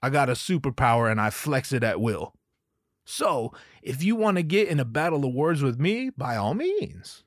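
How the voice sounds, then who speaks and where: Animated, profane man telling a story. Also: mid-range voice, moderate pace, no room sound, clean studio sound. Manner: animated, profane, laughs while telling stories. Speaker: podcast host. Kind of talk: casual storytelling monologue.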